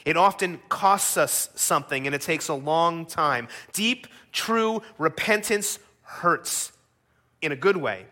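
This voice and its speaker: Man preaching, high voice, bright tone, conversational sermon, rhetorical questions. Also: lively intonation, takes it slowly. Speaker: pastor.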